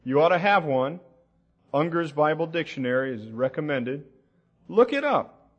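A man teaching a sermon from the Bible, slow and deliberate, asking the audience questions as he reads out passages. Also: a little high, lively intonation, lo-fi sound. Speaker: preacher.

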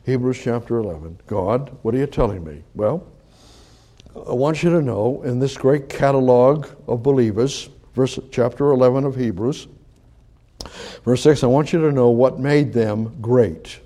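A man preaching a sermon who teaches conversationally, repeats his phrases, and swings from loud emphasis to quiet asides. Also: medium pitch, normal speed.

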